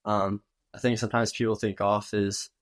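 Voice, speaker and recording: A man's voice: on the low side, little pitch movement, moderate pace. A teenage male golfer answering interview questions hesitantly, with many ums and likes. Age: teens. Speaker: high school golfer guest.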